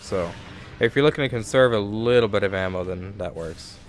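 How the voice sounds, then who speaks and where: Low-voiced man rambling over gameplay. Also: a little fast, music in the background. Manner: rambling, self-correcting, thinking aloud. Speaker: let's play host. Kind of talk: casual gameplay commentary. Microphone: desk microphone.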